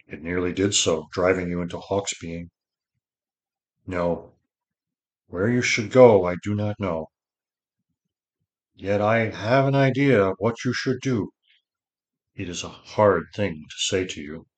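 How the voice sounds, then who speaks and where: A man reading an audiobook voices an old male mage with a gentle, solemn manner, giving slow and measured counsel. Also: low voice. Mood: grave.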